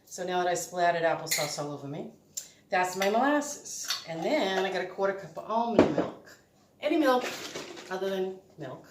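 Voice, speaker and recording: A woman's voice: fairly low pitch, moderate pace. A woman hosting a casual home cooking demonstration, chatty and rambling, often correcting herself as she works. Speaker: home cook host. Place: home kitchen. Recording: echoey kitchen, faint noise.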